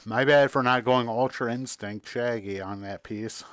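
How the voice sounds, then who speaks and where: A man's voice: medium pitch, a little slow, hardly any pauses, fairly bright tone, no echo. A man giving casual, offhand commentary while playing a video game, cracking jokes as he goes. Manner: joking, offhand. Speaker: gamer.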